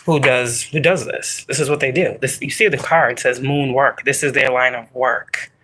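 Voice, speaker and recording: A woman talks through a spiritual tarot reading in a bright, forceful voice. She rambles and swears freely. She stresses her points with loose, emphatic repetition. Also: extremely low pitch, steady tone, moderate pace, low-quality recording. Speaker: psychic tarot reader. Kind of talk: casual spiritual reading to viewers.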